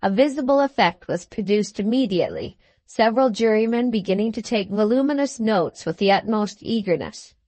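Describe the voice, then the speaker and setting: A woman narrating a classic novel for an audiobook with measured, even storytelling. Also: medium pitch, no echo. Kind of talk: scripted narration.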